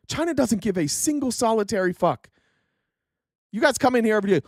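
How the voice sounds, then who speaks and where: A man's voice: extremely high pitch, lively intonation, fast, no room sound, clean studio sound. A man hosting a political live stream, ranting angrily with profanity and sarcastic mock impressions. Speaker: political livestream host.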